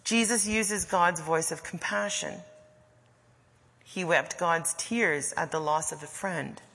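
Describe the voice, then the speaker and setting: A woman preaching a sermon, slow and deliberate, with soft trailing endings. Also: on the low side, husky, big-room sound.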